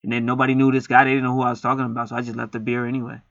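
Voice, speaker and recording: Bright-voiced man rambling through a chart reading. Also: medium pitch, flat delivery, racing, gravelly, no echo. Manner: rambling, profane, joking. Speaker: astrology reader. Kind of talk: casual monologue reading a natal chart. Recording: slightly muffled lo-fi recording.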